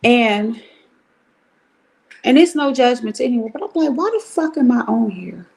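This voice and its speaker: Gravelly, blunt middle-aged woman streamer. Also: on the high side. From Cleveland, Ohio. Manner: blunt, profane and animated, with drawn-out asides. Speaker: livestream commentary host. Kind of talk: casual livestream commentary.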